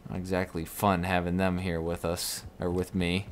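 Brief: low-voiced male gamer, chatty let's-play talk, jumpy. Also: monotone, moderate pace, a little hiss or hum. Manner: chatty, shouts and yelps when startled. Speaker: gamer playing through a game. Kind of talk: casual let's-play commentary.

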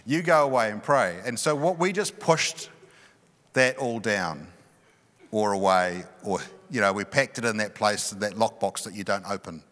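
A middle-aged male pastor telling a personal story in a sermon, animated and often laughing. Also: fairly low pitch, normal speed. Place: large church hall. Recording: long reverb of a church hall.

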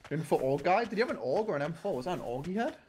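A man's voice: a little high, very animated, very fast, a little mellow, a little hiss or hum. A man chatting casually while playing a multiplayer game, nervous, repeating words and swearing. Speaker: gamer playing a roleplay server. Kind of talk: casual gameplay chat.

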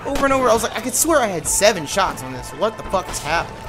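A man gives casual let's play commentary, excitable and full of curses and slang. His voice sits fairly high. Loud game music plays beneath his talk. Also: racing. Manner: swearing, calls everyone "dog", excitable. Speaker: gaming host.

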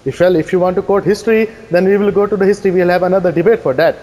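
A man giving a fast, insistent debate rebuttal, firing challenging questions at his opponent. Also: high-pitched, dark tone. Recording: echoey hall reverb.

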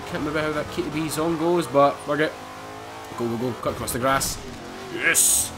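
Excitable young man gaming. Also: on the high side, moderate pace. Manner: excitable, swears and laughs often. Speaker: gaming YouTuber. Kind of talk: casual gameplay commentary. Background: game music and car engines.

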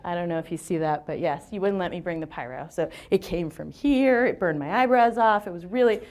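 A woman in her forties giving a lively, joking seminar talk in a lecture room. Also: on the low side, fairly quick. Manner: lively, joking, self-deprecating. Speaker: seminar speaker. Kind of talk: conference talk.

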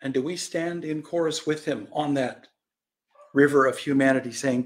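A male preacher leads a Bible lesson in a lively, storytelling manner. His voice sits at an ordinary middle pitch. He acts out the voices of people in his stories and swings from loud cries down to quiet asides. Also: moderate pace. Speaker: pastor teaching a Bible lesson. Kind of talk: sermon Bible teaching.

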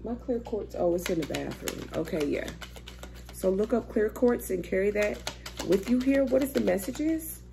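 A woman's voice: mid-range voice, animated, moderate pace, vocal fry, noisy background. A young woman doing a casual, chatty tarot reading, swearing freely and thinking aloud as she turns cards. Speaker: tarot reader.

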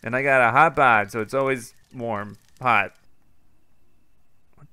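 A man giving casual let's-play commentary over a video game. He is excitable, laughs often and yelps out exclamations. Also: medium pitch, a little slow, smooth. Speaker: gameplay channel host.

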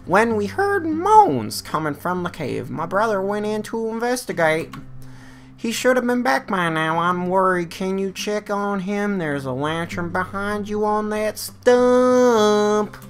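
A man reading out a worried villager's plea from a game in a high, raised voice. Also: lively intonation, a little slow, faint music behind. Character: worried villager asking for help.

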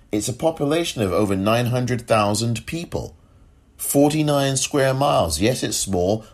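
A man hosting a political podcast, delivering indignant solo commentary and mocking the people he talks about. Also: fairly low pitch. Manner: impassioned, indignant; mocking impersonations of others.

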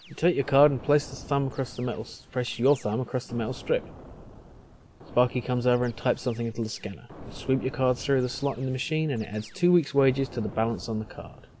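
A man commentating a game, reading its text aloud with relaxed asides. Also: medium pitch, fairly quick, a little hiss or hum. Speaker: gameplay commentator.

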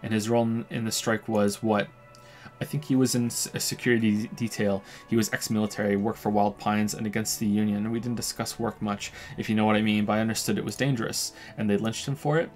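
A man with a fairly low voice reads a video game's dialogue and narration aloud during a stream, dropping in dry, wry comments of his own. Faint music plays underneath. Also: level tone, fast, darkish tone. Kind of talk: casual game playthrough narration.

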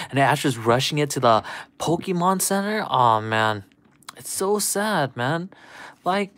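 A man's voice: on the high side, no room sound. A man hosting a livestream, chatting casually and nostalgically with viewers, rambling and saying "dude" a lot. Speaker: livestream host. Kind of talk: casual chat with live viewers.

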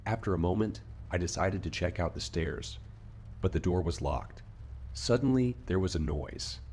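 A man reading a scripted horror story in a steady, measured narrating voice. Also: low-pitched, a little hiss or hum. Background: faint rain ambience.

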